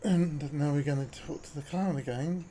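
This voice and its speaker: A man's voice: on the high side, normal speed, slight background noise. A man giving casual, offhand commentary over a playthrough. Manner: relaxed, offhand. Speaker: gameplay commentator.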